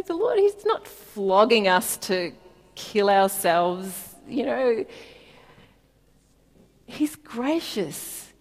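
Gentle woman preaching in a reverberant hall. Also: a little high. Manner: gentle, reflective, laughs softly at times. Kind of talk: sermon with Bible reading.

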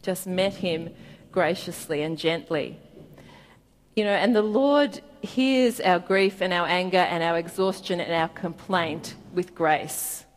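A woman preaches in a soft, reflective way, reading scripture aloud and pausing for small laughs. Her voice sits slightly low. It rings out with a long reverb, as in a large hall. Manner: gentle, reflective, laughs softly at times. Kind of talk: sermon with Bible reading.

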